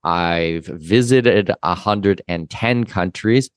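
A man in his forties with a low, deep voice and a faint Canadian accent. He talks as an interview guest, chatty and loose, with fillers and restarts, recorded dry and close. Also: takes it slowly, clear, resonant tone, no echo. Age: 40s. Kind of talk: casual interview talk.

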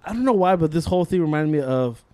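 A man's voice: on the high side, fast talker. A young man co-hosting a podcast, telling a school story in casual chat, swearing a lot and acting out the voices of the people in it. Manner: animated storytelling, heavy swearing, acts out voices. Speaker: podcast co-host.

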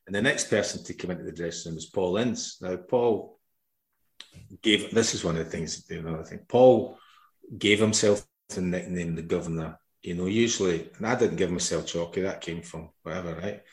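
A man's voice: low voice, moderate pace, roomy sound. A middle-aged man, a podcast host, telling a rambling anecdote in casual chat and laughing along as he goes. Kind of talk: casual storytelling.

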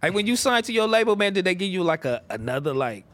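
A man's voice: high voice, sing-song, fast talker, fairly bright tone, no room sound. A man hosting a podcast, bantering playfully and asking a guest questions. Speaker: podcast host. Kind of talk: casual interview talk.

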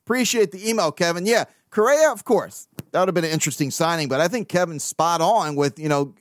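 A man's voice: a little high, a little fast, no room sound, studio quality. A man hosting a casual solo podcast, reading listener emails in a loose, rambling way, swearing casually and laughing often.

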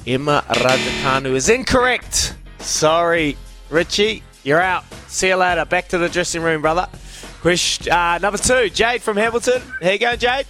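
A man's voice: high-pitched, moderate pace, music in the background. A man with a New Zealand accent hosting a radio quiz, joking and laughing with callers. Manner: joking, laughs often, calls callers mate and brother. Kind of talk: casual radio banter.

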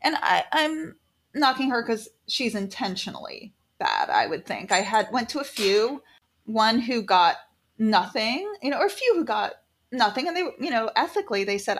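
Animated woman telling a personal story. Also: a little high, moderate pace. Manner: animated, quotes people in lively voices. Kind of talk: casual storytelling in a conversation.

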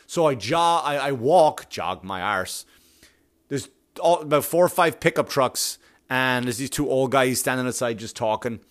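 A man telling a story in a casual monologue, animated and self-mocking, with a lot of swearing. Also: mid-range voice, a little slow.

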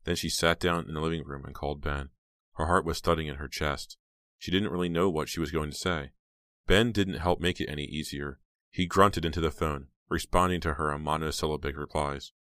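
A man reads a horror audiobook in a measured, dramatic way. His voice is extremely low and sits close and dry. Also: steady tone, a bit bright, dry recording. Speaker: audiobook narrator. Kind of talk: scripted narration.

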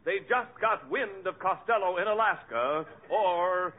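A man's voice: sits high, measured pace. A man announcing in a formal, declamatory 1940s radio style. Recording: tinny old radio broadcast, noisy.

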